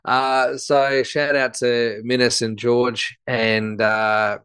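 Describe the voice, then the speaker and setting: Aussie guy in his 50s, mid pitch, relaxed, laughs a lot, explaining stuff, dry mic. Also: takes it slowly, smooth, no room sound. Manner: easygoing, laughs often, explains in anecdotes. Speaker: gut health expert guest. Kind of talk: casual conversational interview.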